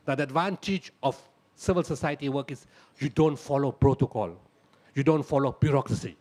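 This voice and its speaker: A man's voice: mid-range voice, fairly quick, dark tone. A middle-aged man, telling a dramatic story at a live talk, acting out the dialogue and hammering home lists. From South Africa. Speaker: humanitarian speaker.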